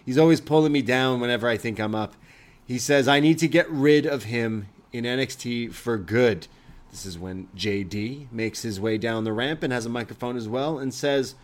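A man's voice: mid-range voice, normal speed. Man casually recapping wrestling, quoting lines. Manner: recounts scenes, quoting lines in put-on voices. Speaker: wrestling show co-host.

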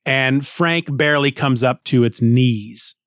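A man's voice: medium pitch, slow, a bit bright, no echo, clean studio sound. A man hosting a podcast, recapping a comic book in a casual, rambling way with many restarts. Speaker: podcast host.

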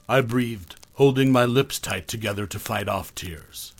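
A man narrating a first-person horror story in a measured, dramatic way. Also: mid-range voice, no echo.

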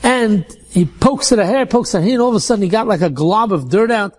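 A man telling a religious story in an animated way, often repeating words as he restarts. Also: high voice, quick pace.

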